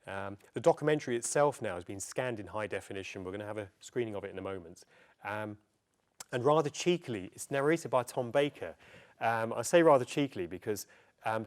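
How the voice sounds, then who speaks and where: A man's voice: mid-range voice, darkish tone. A middle-aged man giving a public talk at a festival, chatty and anecdotal, with frequent ums as he tells stories. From England. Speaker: presenter. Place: festival venue before an audience.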